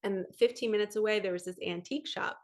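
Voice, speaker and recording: A woman in her thirties speaks casually to her viewers as a spiritual coach, her pitch sitting in an ordinary middle range. She tells her story in an earnest, chatty way and acts out the voices of the people she quotes. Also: fast talker. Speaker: spiritual coach and psychic medium. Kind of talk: casual monologue to camera.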